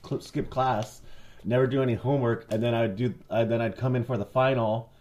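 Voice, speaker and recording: A man's voice: mid-range voice, steady tone, a little fast, a little mellow. A young man hosting a podcast in casual, profane chat, laughing often. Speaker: podcast host.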